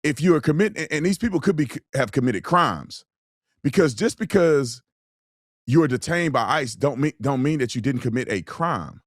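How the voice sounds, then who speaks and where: A man hosts a political commentary show that includes an ad read, speaking at a normal speed in an expressive, mid-range voice. He talks bluntly, emphatically, and colloquially. The recording is dry, with clean studio sound.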